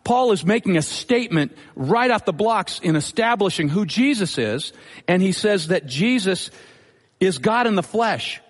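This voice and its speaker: A man's voice: high-pitched, expressive, a little slow, long reverb tail. A man preaching an expository sermon as pastor, teaching earnestly and quoting scripture. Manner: earnest teaching delivery, Bible quotations.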